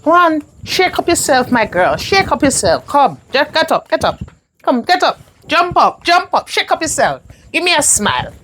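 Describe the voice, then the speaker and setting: Brief: actress as Jamaican mother, high voice, very animated, protective. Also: unhurried, slight background noise. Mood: rallying. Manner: emphatic, animated, scolding and comforting. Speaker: actor in a film. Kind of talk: patois film dialogue.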